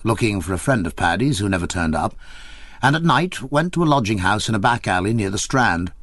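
A man reading a memoir aloud as an audiobook narrator, measured and expressive. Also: on the low side, dry recording.

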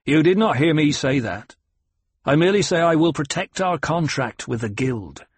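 Man doing a shrewd smuggler boss, a touch higher than his narration, husky and dry. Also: animated, moderate pace, no room sound. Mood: guarded. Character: shrewd cautious male smuggler chief.

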